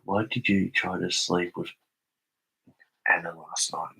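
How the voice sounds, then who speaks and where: A man's voice: low voice, little pitch movement, slow pace, vocal fry, sharp tone, slightly rough, rough recording. A young Australian man on a casual live stream, reading viewer comments aloud and answering them.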